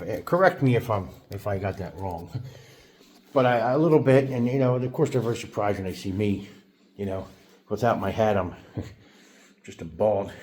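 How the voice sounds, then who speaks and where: A man's voice: lowish voice, a little mellow. A man from South Jersey with a South Jersey accent, rambling to camera in a casual vlog, chuckling often and restarting sentences. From South Jersey, United States. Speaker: vlogger.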